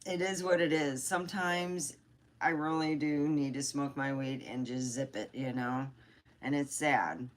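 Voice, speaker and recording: A woman's voice: low voice, steady tone, a little slow. A middle-aged woman chatting casually on a livestream, rambling and candid, swearing freely. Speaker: livestream host.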